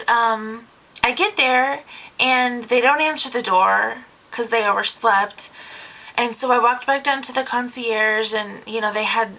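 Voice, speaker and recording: A young woman chattily telling a babysitting story in a casual vlog, full of fillers and quoting people in a higher voice. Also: pushed and bright, poor audio. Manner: chatty, lots of fillers, acts out quotes in a higher voice. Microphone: camera mic.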